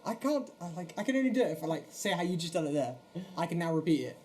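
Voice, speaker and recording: A man's voice: on the high side, big pitch swings, racing, darkish tone, a little hiss or hum. A man from Portugal co-hosting a podcast in casual chat, rambling, swearing a lot and laughing often. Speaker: podcast co-host.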